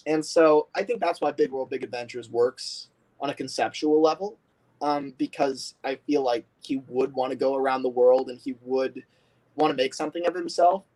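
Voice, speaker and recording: A man's voice: fairly high pitch, low-quality recording. A man hosting a casual livestream chat, talking animatedly, laughing often and using lots of fillers. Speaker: livestream host.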